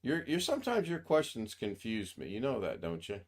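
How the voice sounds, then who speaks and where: A man's voice: mid-range voice, wildly swooping pitch, brisk. An American man hosting a casual livestream chat, telling stories in a wry, teasing way. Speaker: livestream host. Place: home streaming setup.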